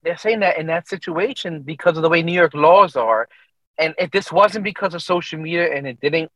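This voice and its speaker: A man's voice: fairly high pitch, fairly quick, sharp tone, dry recording, low-quality recording. A man in a casual, profane podcast chat who laughs and tells loose stories.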